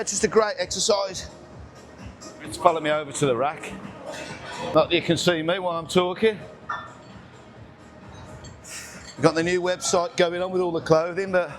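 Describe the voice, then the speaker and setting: A man chatting casually while training in a busy gym, counting reps and getting out of breath between sets. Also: on the high side. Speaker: gym vlogger. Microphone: camera on tripod nearby.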